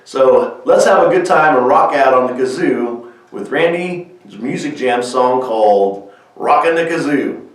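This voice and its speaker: A man's voice: mid-range voice, lively intonation, unhurried, very echoey, recorded from a distance, poor audio. A man hosting a children's music show, explaining step by step how to make a kazoo, with easygoing fillers. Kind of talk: craft demonstration for kids.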